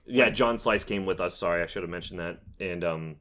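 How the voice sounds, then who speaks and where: A man's voice: sits low, a little fast, fairly bright tone. A man casually telling a gaming story on a podcast, rambling with fillers and restarts. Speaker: podcast co-host. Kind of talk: casual chat.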